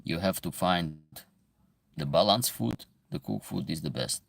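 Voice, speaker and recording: A man's voice: sits low, lively intonation, a little slow, gravelly, dry recording. A man from Epirus, hosting a casual livestream and explaining at length as he answers viewer questions from the chat.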